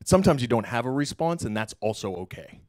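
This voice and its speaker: A middle-aged man giving a keynote talk on stage, telling a story in a lively, casual way and acting out the dialogue with slang. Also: medium pitch, fast talker, no room sound, studio quality. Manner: animated, acts out quoted dialogue, casual slang. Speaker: keynote speaker. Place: lecture hall stage.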